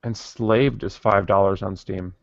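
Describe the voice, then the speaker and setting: A man with a low, gravelly voice co-hosts a podcast, halting and repeating himself as he goes. The sound is dull lo-fi and dry. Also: steady tone, dry recording. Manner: halting, repeats words, mumbles. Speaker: podcast co-host. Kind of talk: casual chat.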